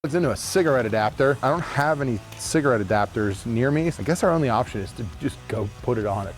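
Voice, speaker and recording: A man's voice: mid-range voice, animated, quick pace, soft background music. A man from Pittsburgh with a Pittsburgh accent, hosting a comedic review of a gadget with wry, exaggerated jokes. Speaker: video host reviewing a gadget.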